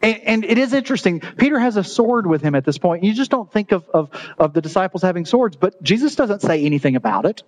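A man's voice: high-pitched, animated, fast talker, few pauses, poor audio. A man preaching a sermon in a conversational, joking way, laughing at his own asides. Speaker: pastor.

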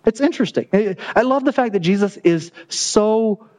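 A man's voice: sits high, expressive, moderate pace, darkish tone, poor audio. A man preaching a sermon in a conversational, joking way, laughing at his own asides. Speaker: pastor.

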